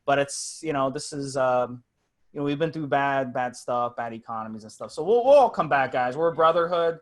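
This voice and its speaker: A man's voice: medium pitch, lively intonation, a little fast. A man co-hosting a podcast, talking in an easygoing, encouraging way. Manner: easygoing, encouraging, laughs often. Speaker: podcast co-host. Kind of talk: casual chat.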